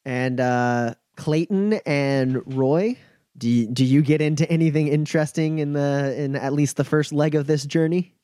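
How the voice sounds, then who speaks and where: A man's voice: on the high side, moderate pace, warm tone, no echo. A man narrating a tabletop game as game master, loosely, with many fillers.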